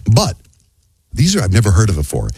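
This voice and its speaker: A man hosting a morning radio show, telling chatty stories and doing animated voices when he quotes people. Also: fairly low pitch, fairly quick, husky, no echo. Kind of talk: casual morning radio banter. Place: radio studio.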